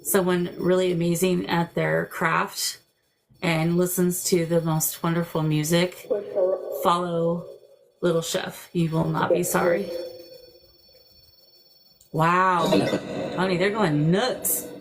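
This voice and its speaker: A woman's voice: lowish voice, little pitch movement, takes it slowly, creaky, pauses often, slight background noise. Chatty older woman hosting a live stream. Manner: chatty, laughing, coaxing spirits with questions. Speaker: paranormal livestream host. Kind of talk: casual live-stream chat.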